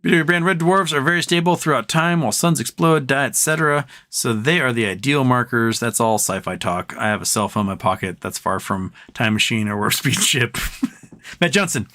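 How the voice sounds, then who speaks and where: A man's voice: medium pitch, lively intonation, normal speed, bright, forceful tone. A man hosting a late-night livestream, chatting casually in a rambling, profane way and chuckling at his own jokes. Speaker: livestream host.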